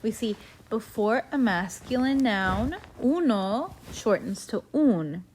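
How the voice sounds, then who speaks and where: A woman talks through a recorded classroom lesson at an unhurried pace, patient and explanatory, pausing often to check that listeners are following. Her voice sits at an ordinary middle pitch, and a faint hiss with small clicks runs underneath. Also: lively intonation. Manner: patient, explanatory, frequent "okay?" check-ins. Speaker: Spanish teacher.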